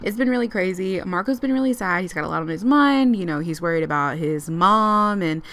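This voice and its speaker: A woman's voice: lowish voice, animated, fairly quick, a bit bright. A woman casually narrating the story of her life-simulation game in a chatty, rambling way, with many fillers and frequent laughs.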